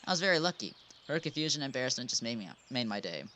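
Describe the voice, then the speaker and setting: A man's voice: medium pitch, big pitch swings, rapid-fire, pushed and bright. A man reading a visual novel aloud in first person, casually, with chuckles and restarts. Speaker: game narrator. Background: background music.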